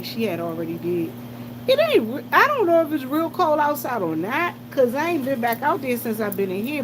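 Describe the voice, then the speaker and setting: A woman's voice: a little high, background noise. A woman, chatting casually to viewers as she tells stories and greets commenters during her gas station shift. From South Carolina.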